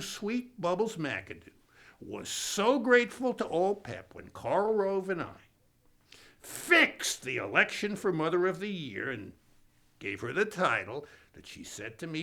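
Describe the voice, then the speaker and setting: A man doing a boastful, bombastic comic monologue as a pundit character, swinging between booming lines and hushed asides. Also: creaky.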